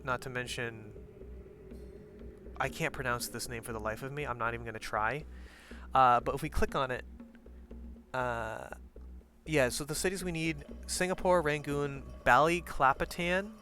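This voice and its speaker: A young man with a bright, forceful voice talks through a strategy game in a loose, rambling way, full of "like" and swearing. Faint music plays underneath his commentary. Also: medium pitch, fairly even intonation, unhurried, long pauses. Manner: rambling, profane, filler-heavy and joking. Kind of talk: casual gameplay commentary.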